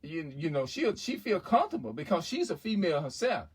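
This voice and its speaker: A man's voice: a little high, big pitch swings, a little fast, husky. A man in a casual, rambling monologue as a vlogger, restarting sentences and often asking "you know what I'm saying?".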